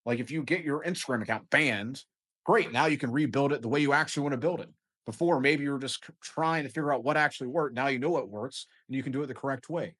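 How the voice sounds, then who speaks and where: A man guest on a podcast, talking casually and energetically, with many fillers and quick bursts of ideas. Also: medium pitch, fairly bright tone. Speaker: guest entrepreneur. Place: lives in Dubai.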